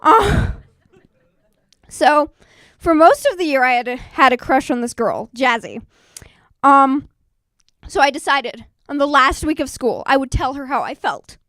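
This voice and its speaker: A teenage girl performing a self-mocking stand-up comedy set at an open mic, bursting into loud acted quotes. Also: high-pitched, big pitch swings, unhurried, dry recording, studio quality. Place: small live performance venue.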